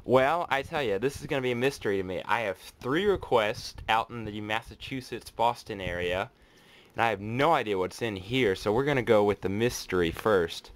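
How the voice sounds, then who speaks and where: A man casually unboxing mail on his vlog, chatty and excitable, thinking aloud as he goes. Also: fairly low pitch, moderate pace. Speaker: autograph collector vlogger.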